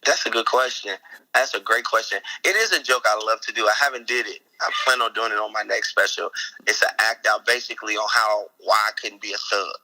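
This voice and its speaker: Guest comedian from Chicago: sharp, husky voice, upbeat and quick to laugh. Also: male voice, lowish voice, rough recording. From Chicago, USA. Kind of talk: casual interview chat.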